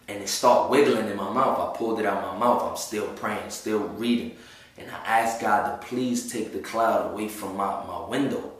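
Man, low voice, casual slangy testimony, distant mic in a roomy echo. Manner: casual, slangy, acts out quoted speech. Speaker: person giving a religious testimony. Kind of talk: personal testimony storytelling. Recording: echoey room, voice far from mic.

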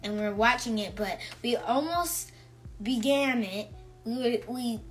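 A young woman chatting casually, telling a story in a slow, chatty way. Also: on the high side, soft background music, poor audio. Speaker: daughter. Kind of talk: casual chat.

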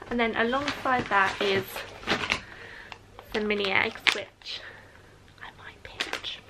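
A woman's voice: on the high side, gravelly, sharp tone. A young woman chatting casually to camera at home, rambling along with plenty of ums. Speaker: mum vlogger. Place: family home, indoors. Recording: dull lo-fi audio with background noise.

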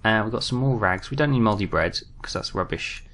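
A man's voice: on the low side, expressive, fairly quick, a bit bright. A British man commentating his own game play, jumpy and muttering to himself with self-mocking asides. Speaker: gaming commentator.

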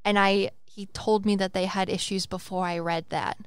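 Here a young psychic medium co-hosting an easygoing podcast goes off on lively tangents, dropping swear words and voicing the people she quotes. She speaks at a normal speed in a smooth, mid-range voice with no echo.

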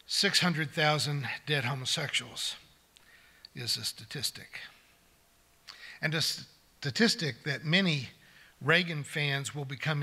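A man's voice: on the high side, pushed and bright. A man in his sixties, a pastor delivering a sermon to his congregation in an earnest manner that builds to emphatic declarations. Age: 60s. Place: church sanctuary.

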